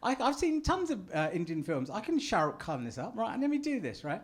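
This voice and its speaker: Man, comedy host, raised pitch, chatty stand-up delivery, keeps asking "right?". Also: huge pitch swings, a little fast, breathy edge.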